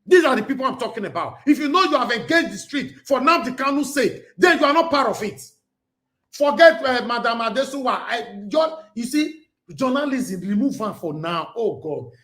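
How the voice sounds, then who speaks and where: A fired-up Nigerian man holds forth on a live stream, his fairly high voice ringing in a roomy space. He rants and jabs, sliding between Pidgin and English. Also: big pitch swings, fairly quick, a bit bright. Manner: heated, ranting, mixes Pidgin and English. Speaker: talk show host. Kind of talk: live-stream commentary and call-in. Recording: roomy echo.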